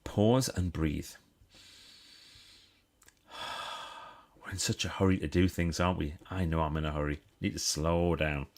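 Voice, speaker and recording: A man with a northeast English accent hosting a casual live stream, chatty and breaking into excited exclamations. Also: low voice, a little slow, pauses often. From northeast England.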